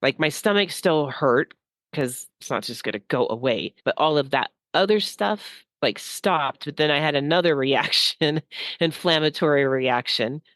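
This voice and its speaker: A woman's voice: deep voice, moderate pace, fairly bright tone, no echo. A woman speaking as a psychic guest, rambling and heartfelt, with frequent "like" fillers. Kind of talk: casual spiritual talk.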